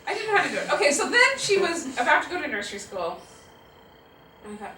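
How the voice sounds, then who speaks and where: A woman in her fifties answers audience questions with laughing, self-mocking stories. Her voice is high and bright, and her pitch swings widely. She is heard from a distant mic in a roomy hall with a faint hum behind her. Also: quick pace. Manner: animated, laughing, self-deprecating. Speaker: guest speaker. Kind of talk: live audience Q&A storytelling. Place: auditorium with audience.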